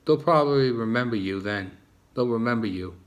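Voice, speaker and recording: A man with a New Jersey accent, mid-range in pitch and talking a little fast, delivers a loose, rambling vlog monologue. He frequently restarts and goes over the same points again.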